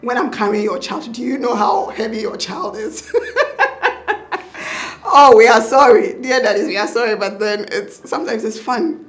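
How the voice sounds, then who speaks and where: A young woman doctor with a Ghanaian accent, telling lively stories in a casual interview and laughing often. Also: a little high, normal speed. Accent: Ghanaian English. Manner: animated, laughing, acts out quotes. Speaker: pediatric doctor and mother, guest.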